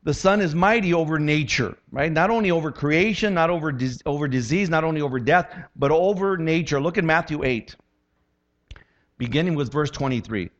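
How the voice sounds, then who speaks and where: A man preaching a sermon as a pastor, animated, acting out quotes and voices as he teaches. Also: on the high side, fairly quick, lo-fi sound.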